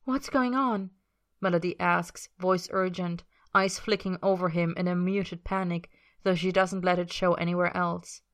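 Low-voiced woman reading a story aloud. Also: monotone, normal speed, hardly any pauses. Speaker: story reader. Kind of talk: audiobook-style fiction reading.

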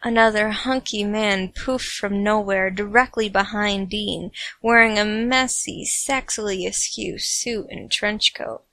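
Woman reading comic fan fiction, snarky asides, slow, bright, dry close mic. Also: mid-range voice, no echo. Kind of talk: comic story narration.

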